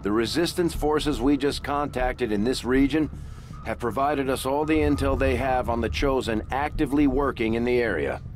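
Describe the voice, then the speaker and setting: A man's voice: medium pitch, moderate pace, noisy background, natural voice. An actor voicing a male military officer in a video game, giving a formal briefing to his commander.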